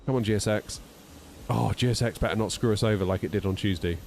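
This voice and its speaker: A man's voice: lowish voice, fast, creaky, darkish tone, a little hiss or hum. A man in his thirties, chatting casually on a live stream while running through flight checklists, self-deprecating and talkative. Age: 30s.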